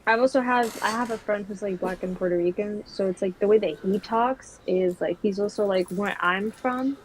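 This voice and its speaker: A young woman talks in a loose, rambling way and keeps restarting her sentences around fillers. Her voice sits at a middle pitch for a woman. She is a guest in a casual conversation. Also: moderate pace, slight background noise, poor audio. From New York City. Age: young adult. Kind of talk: casual chat.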